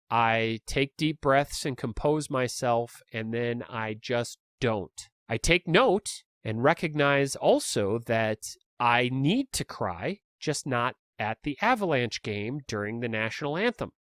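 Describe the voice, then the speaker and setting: Relaxed, rambling man. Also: medium pitch, measured pace, no echo, clean studio sound. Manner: relaxed, rambling, self-deprecating with chuckles. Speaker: podcast host. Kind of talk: casual solo monologue.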